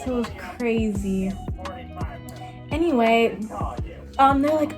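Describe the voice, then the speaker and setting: A woman's voice: high-pitched, normal speed, pauses often. A young woman in her late teens from Miami telling a rambling, casual storytime, full of "like" and acted-out quotes of other people. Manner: rambling, lots of "like", acts out others' lines. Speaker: vlogger. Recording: music playing behind her.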